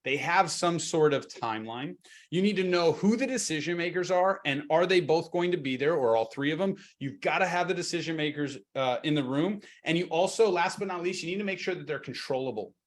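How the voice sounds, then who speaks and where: A man's voice: on the high side, fairly quick. A man giving a live sales training webinar, talking casually and acting out short exchanges between agent and client. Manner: energetic, conversational, acts out seller and agent lines. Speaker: real estate sales trainer.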